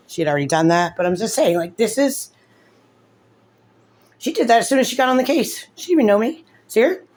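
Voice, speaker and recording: A woman's voice: on the high side, lively intonation, a little fast, pauses often, a little mellow. A woman, a mother, talking through her grievances in an upset, rambling way, tearful and full of fillers. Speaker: mother in a custody case. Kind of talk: emotional vlog commentary.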